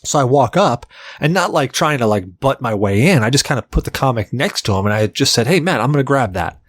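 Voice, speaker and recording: A man's voice: medium pitch, brisk. A man co-hosting a podcast, telling a rambling anecdote in casual chat and filling his sentences with "like". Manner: rambling, heavy use of "like"; animated anecdote teller. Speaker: podcast co-host.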